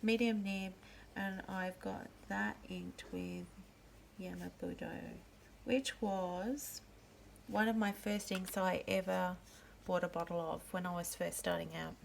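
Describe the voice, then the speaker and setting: A woman hosting a pen and ink video, calmly naming each pen and ink as she shows them. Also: fairly low pitch, vocal fry, a little hiss or hum. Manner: gentle, unhurried, pausing to name each pen. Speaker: pen and ink channel host. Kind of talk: slow show-and-tell narration.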